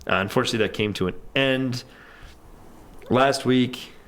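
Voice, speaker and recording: A man's voice: mid-range voice, moderate pace, a bit bright. A young man co-hosting a sports podcast, laid-back and dry, giving a casual team update.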